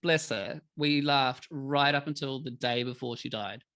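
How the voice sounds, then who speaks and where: A middle-aged man, a podcast guest telling emotional stories in a candid, animated way. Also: mid-range voice, a little slow. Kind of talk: candid conversational interview.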